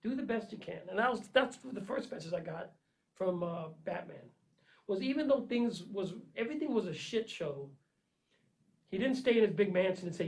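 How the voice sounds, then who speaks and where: A man delivering an emphatic, repetitive motivational monologue, swinging between loud urging and low, intense asides. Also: lively intonation, fairly quick, gravelly, low-quality recording. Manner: preachy, earnest pep talk with frequent "man" and "okay". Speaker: vlogger giving life advice.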